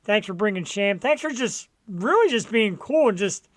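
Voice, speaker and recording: A man hosting a casual talk show, joking and chatting in a loud, laid-back way. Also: high voice, lively intonation, normal speed, no room sound. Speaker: host.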